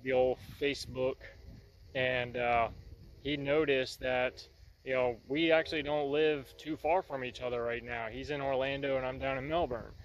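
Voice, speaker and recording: A man's voice: medium pitch, fairly even intonation, normal speed, slight background noise. Easygoing man rambling in a workshop. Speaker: vlogger. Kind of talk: casual workshop vlog.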